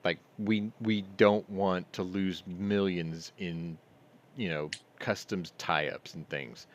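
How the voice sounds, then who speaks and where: Male stream host, deep voice, casual news commentary, dry and sardonic. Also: fairly even intonation, slow pace, dull audio. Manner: sardonic, reads headlines then riffs on them.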